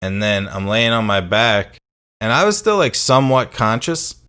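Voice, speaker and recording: A man's voice: lowish voice, big pitch swings, normal speed, sharp tone, clear, resonant tone. A young man co-hosting a podcast, telling a laid-back, profane story in casual chat. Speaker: podcast co-host.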